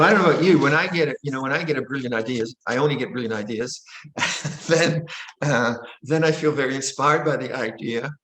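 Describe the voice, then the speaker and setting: A man teaching as a monastic during a question-and-answer session on meditation. He talks gently and playfully and acts out moods with sudden high exclamations. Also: slight background noise. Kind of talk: Dharma Q&A teaching. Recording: roomy echo.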